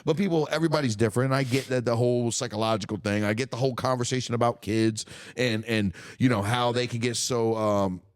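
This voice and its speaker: Male podcast host, casual chat, swears freely and rants emphatically, mid-pitched voice, dry sound. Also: steady tone, fast, hardly any pauses, dry recording. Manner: profane, ranting and emphatic.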